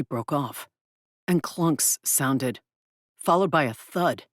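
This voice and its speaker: Low, lively woman audiobook narrator. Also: no echo, studio quality. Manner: expressive, brisk. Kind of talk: first-person audiobook narration.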